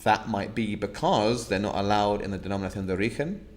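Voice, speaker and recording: A man's voice: on the low side, fast talker, a little mellow. A man hosting an online wine tasting, chatting casually and laughing often at his own jokes.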